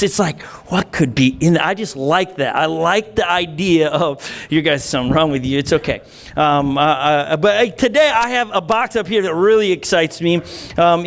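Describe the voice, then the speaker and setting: A man with a high voice preaches from a church stage in a loose, conversational sermon. He jokes with the congregation and acts out little quotes. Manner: animated, conversational, with playful asides and acted-out quotes. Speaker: pastor.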